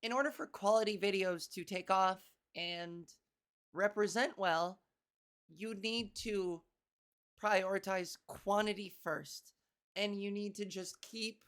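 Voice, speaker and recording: A hoarse woman hosting a casual solo comedy podcast, rambling and profane, often clearing her throat and playing with the pitch of her voice. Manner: frequent coughs and throat clearing.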